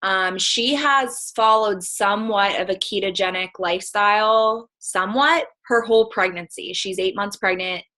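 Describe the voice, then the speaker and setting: Woman, young adult, bright tone, mid pitch, emphatic chatty presenter, video call. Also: normal speed, few pauses, poor audio. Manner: emphatic and chatty, repeats warnings. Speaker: network marketing presenter.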